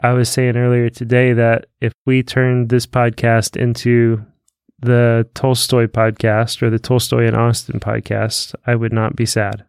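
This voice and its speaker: A man's voice: mid-range voice, completely flat delivery, measured pace, darkish tone, clean tone, no room sound. Wry man bantering on a podcast. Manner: wry, playful teasing. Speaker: podcast co-host. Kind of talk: casual chat.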